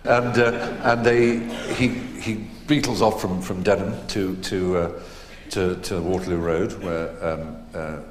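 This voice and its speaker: A man telling theatre anecdotes on stage before a live audience, an unhurried raconteur who pauses with ums and restarts. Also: deep voice, fairly even intonation, a crowd in the background. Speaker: stage conversation guest. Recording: echoey hall with long reverb.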